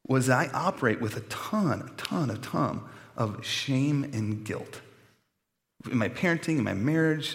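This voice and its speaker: Male pastor, 30s, heartfelt conversational sermon, mid-pitched voice, reverberant sanctuary. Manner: earnest, conversational with emotional swells. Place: church sanctuary. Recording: long church reverb.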